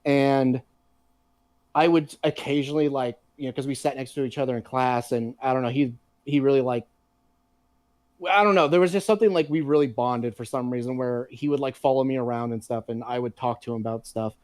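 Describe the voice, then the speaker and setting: A man chatting casually on a podcast, telling animated, profanity-laced stories. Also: medium pitch, fairly quick, no room sound, clean studio sound. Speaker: podcast co-host. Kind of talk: casual chat.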